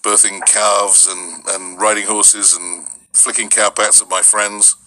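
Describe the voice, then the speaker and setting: A man's voice: fairly low pitch, little pitch movement, measured pace, sharp tone, no room sound, rough recording. A middle-aged man with a British accent, raised in North Yorkshire, chatting as an interview guest with dry, self-deprecating humor. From born near Paris, raised in North Yorkshire, England. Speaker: guest voice actor and director. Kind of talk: casual interview chat.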